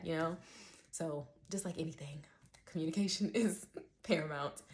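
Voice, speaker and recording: Low-voiced woman sharing candid reflections. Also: a little mellow. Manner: candid, emotional, uses many "like" fillers and quoted self-talk. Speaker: channel host. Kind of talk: personal reflective monologue.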